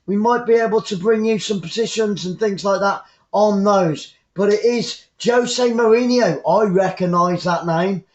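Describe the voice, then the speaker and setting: A man with an English accent giving chatty, excitable live football commentary as a fan, rambling into asides to his viewers. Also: high voice, moderate pace, few pauses, reverberant, highs cut off.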